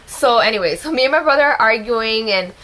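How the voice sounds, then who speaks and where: A woman's voice: on the high side, lively intonation, a little fast, pushed and bright. Young woman, story time vlog, chatty, emotional, exclaiming. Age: young adult. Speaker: vlogger. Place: at home with a small child.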